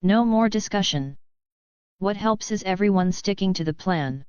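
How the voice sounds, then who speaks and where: A woman's voice: mid-range voice, lively intonation, normal speed, darkish tone, clear, resonant tone, dry recording, lo-fi sound, natural voice. A woman reading the lines of a stern, bossy young male team leader, clipped and commanding.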